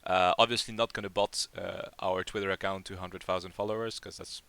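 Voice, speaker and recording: A man with a very low, resonant voice hosts a live community Q&A, rambling along with fillers and repeated words. His tone is bright and forceful, and the sound is dry and close. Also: fairly even intonation, fairly quick, smooth, no echo. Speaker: project lead hosting a community AMA. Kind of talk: casual live Q&A chat.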